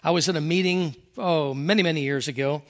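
A man's voice: a little high, fairly quick. An older man, a pastor emeritus, preaching a folksy, earnest sermon and reading scripture aloud.

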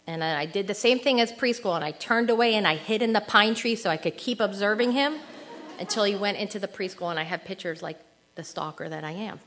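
A middle-aged woman giving an informal sermon to women, chatty and animated, acting out little quoted lines. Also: mid-range voice, brisk. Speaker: women's ministry speaker.

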